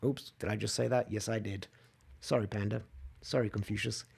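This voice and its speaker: A man hosting a solo coaching podcast, talking straight to listeners and acting out angry quoted outbursts with lively emphasis. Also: lowish voice, fairly quick, gravelly, slightly rough. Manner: animated, acts out quoted outbursts, asks listeners to comment. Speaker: podcast host and empath coach. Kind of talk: solo motivational podcast talk.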